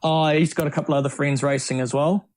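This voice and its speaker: A middle-aged man, a guest on an interview podcast, telling lively, rambling stories with many restarts. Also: a little high, fairly quick. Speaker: triathlete guest. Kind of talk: casual storytelling interview.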